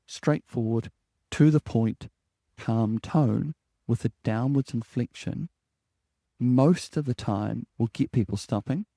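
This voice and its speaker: A man, an HR coach and podcast host giving a calm, measured lesson with deliberate phrasing. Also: mid-range voice, creaky, no room sound, clean studio sound. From New Zealand.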